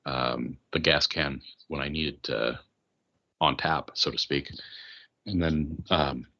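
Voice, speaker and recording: Podcast guest: deep male voice, sharp edge, stop-start delivery with many ums, slightly dull audio. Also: fairly even intonation, gravelly, a little hiss or hum. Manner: halting, many fillers and restarts. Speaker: podcast guest, mead maker. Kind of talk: casual conversation.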